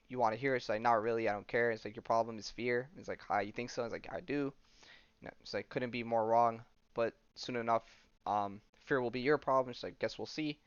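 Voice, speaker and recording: A man's voice: medium pitch, clean tone, no room sound, dull audio. A man casually retelling a comic book story on a podcast, rambling with lots of fillers. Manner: rambling, full of "she's like" and fillers. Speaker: podcast host.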